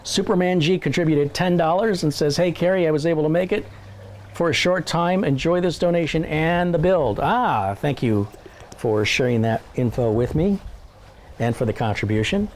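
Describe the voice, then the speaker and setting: Man, live-stream host, casual chat, reads viewer messages aloud, joking, somewhat high voice. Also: moderate pace. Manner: self-deprecating joking.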